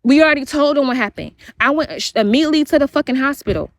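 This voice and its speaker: A woman's voice: sits high, big pitch swings, quick pace, no echo. A woman on a livestream, telling a long story in a rambling way, cursing and repeating herself. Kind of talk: heated livestream monologue.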